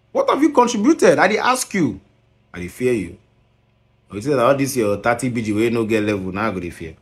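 A man with a Nigerian accent scolding in a commentary video, mixing Pidgin and English and firing rhetorical questions. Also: mid-range voice.

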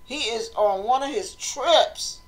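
Woman host, motivational talk, slightly high voice, animated delivery that acts out voices. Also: slow. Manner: animated, acts out quoted voices, conversational preaching.

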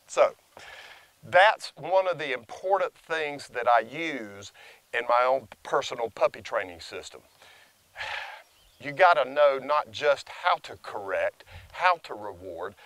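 An older man, a dog trainer, talking in a lively, folksy way outdoors with his dog on a close lapel mic. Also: dry recording. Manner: lively, folksy, praises the dog in a high sing-song. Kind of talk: casual outdoor training vlog.

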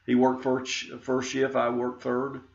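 Man, middle-aged pastor, gravelly, earnest testimony storyteller, muffled lo-fi recording. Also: medium pitch, completely flat delivery, unhurried. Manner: earnest storytelling, quoting himself and friends. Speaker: pastor telling his testimony. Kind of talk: spoken testimony. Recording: dull lo-fi recording.

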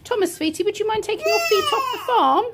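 A woman's voice: very high voice, big pitch swings, fast talker, background noise. A woman working as a childminder, playing and talking with toddlers in an encouraging, teacherly way. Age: adult. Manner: sing-song, encouraging, teacherly. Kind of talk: playful talk with toddlers.

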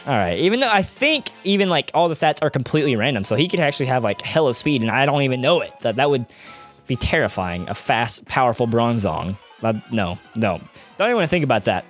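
A man's voice: medium pitch, very animated, fast, faint music behind. Chatty young man rambling over gameplay. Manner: rambling, chatty, goes off on tangents. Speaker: let's-play gamer. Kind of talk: video game commentary.

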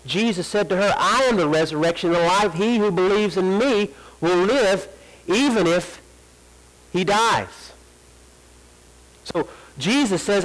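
High-pitched preacher guy in a church, swells up and stretches out the prayer lines. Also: lively intonation, a bit bright, poor audio. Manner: preaching with rising emphasis, drawn-out quoted prayers. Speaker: pastor. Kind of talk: sermon. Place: church sanctuary.

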